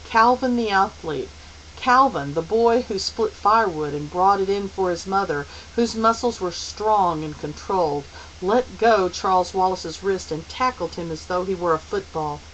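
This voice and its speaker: A woman narrating a novel aloud as an audiobook reader, steady and unhurried. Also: medium pitch, a little hiss or hum, rough recording. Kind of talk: storybook narration.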